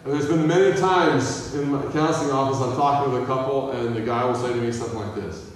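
A pastor giving a conversational sermon, mixing humor and acted-out quotes. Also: male voice, mid-range voice, quick pace, slight background noise. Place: church sanctuary. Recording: echoey hall, voice from a distance.

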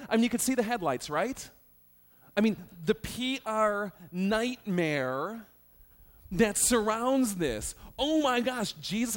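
Animated male preacher, lively pitch. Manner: animated, joking, teaching. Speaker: pastor. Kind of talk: sermon.

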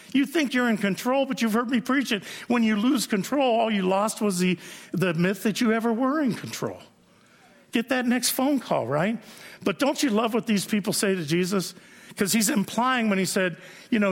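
Man, pastor, sermon, conversational storytelling, high voice, long hall reverb. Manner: conversational storytelling, frequent "right?" asides. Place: church sanctuary.

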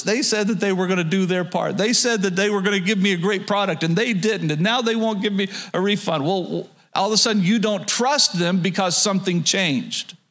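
Male pastor, high-pitched, preaching a sermon with repeated phrases and frequent restarts. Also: a bit bright. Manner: repeats key phrases, restarts with stammered words.

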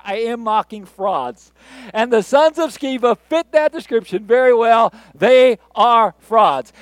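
A man's voice: very high-pitched, dry recording. A man pastor preaching a sermon in a joking, self-mocking, conversational way.

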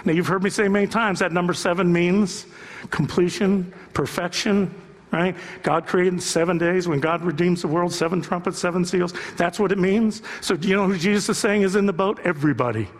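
A man's voice: high voice, steady tone, brisk. A man preaching a sermon as pastor, talking conversationally and joking with the congregation, asking them rhetorical questions. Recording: long reverb from a large hall.

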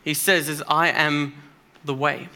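A man's voice: a little high, steady tone, a little slow, sharp tone. A man preaching a sermon in a church, earnest and emphatic, speaking conversationally with occasional fillers.

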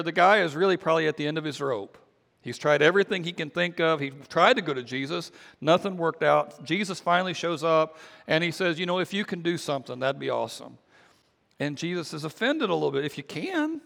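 A man, a pastor, preaching a sermon in a relaxed conversational way, often restarting and repeating his words. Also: a little high, creaky, in a large hall. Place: church sanctuary.

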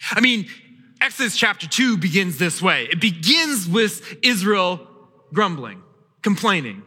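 A man in his thirties preaches a sermon in a church, his voice set high and cutting with a bright, sharp edge. His delivery swings between loud bursts and hushed asides as he tells stories and acts out little quotes. A long hall reverb trails behind every line. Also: very animated, measured pace, slightly rough, soft background music. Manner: storytelling with acted quotes and sudden shifts in loudness. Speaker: pastor. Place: church sanctuary.

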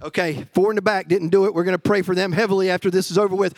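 A male pastor preaching a sermon with emphatic, energetic delivery and playful asides to the congregation. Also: high-pitched, racing, hardly any pauses, no room sound.

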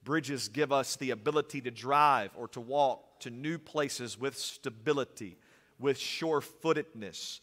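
A male pastor preaching a sermon, animated, with humorous asides and swings from loud to soft. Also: medium pitch, unhurried. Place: church sanctuary. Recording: long reverb of a church hall.

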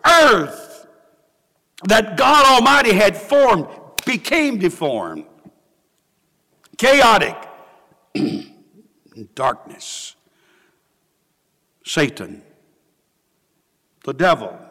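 A man's voice: sits high, very animated, very slow, long pauses, sharp tone, big-room sound. A man preaching a sermon, dramatic and emphatic, repeating lines for effect.

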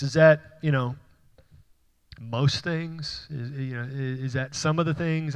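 Preaching man in a reverberant hall. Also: pushed and bright. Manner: preaching, building to emphatic peaks then dropping low; conversational, with asides and light laughs. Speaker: pastor. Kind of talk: sermon.

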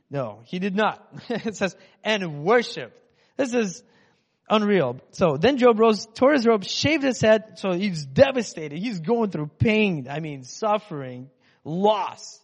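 A man's voice: sits high, expressive, measured pace. A man preaching a casual, joking sermon as a pastor, talking in a loose conversational way. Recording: muffled in a reverberant hall.

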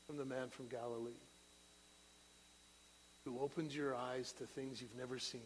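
A middle-aged man preaching a sermon to a church, building to loud, rising peaks and then dropping to quiet, low prayer. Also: level tone, normal speed, long pauses, slight background noise, rough recording.

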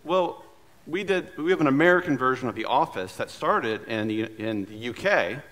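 A man preaching in a church sanctuary, his voice at a middle pitch. He tells his sermon like a story, in a loose and chatty way, and keeps asking the congregation questions. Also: animated, normal speed, fairly bright tone. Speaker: pastor.

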